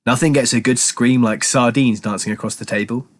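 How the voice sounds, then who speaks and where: A man's voice: medium pitch, fairly even intonation, a little fast. A man narrating a children's chapter book aloud as a teacher, telling the story expressively.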